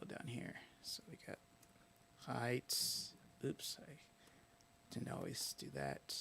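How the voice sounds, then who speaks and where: Gravelly man thinking aloud. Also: on the low side. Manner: thinks aloud, muttering words to himself. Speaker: live-stream host. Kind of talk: casual live-stream talk.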